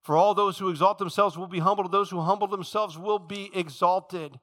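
A man's voice: high-pitched, normal speed. A man preaching a sermon who tells the stories vividly and acts out the voices of the people in them. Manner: animated storytelling, acts out quoted voices.

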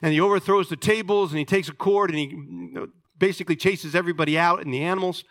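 A man's voice: sits high, fairly even intonation, quick pace, fairly bright tone, dry recording, clean studio sound. A man preaching a sermon as pastor, talking emphatically and calling on the congregation for amens.

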